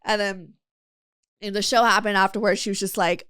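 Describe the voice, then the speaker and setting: A woman's voice: mid-range voice, steady tone, moderate pace, fairly bright tone, clear, resonant tone. A woman hosting a podcast, telling a long story in casual chat, full of fillers and quoted friends. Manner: chatty storyteller, lots of fillers and quoting friends. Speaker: podcast host.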